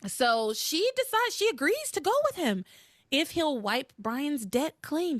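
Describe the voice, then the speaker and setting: A woman's voice: high-pitched, measured pace, no echo, clean studio sound. A woman co-hosting a podcast, chatting casually and acting out characters' lines as she recaps a soap opera. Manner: animated, acts out characters' lines with laughs. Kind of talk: casual panel chat.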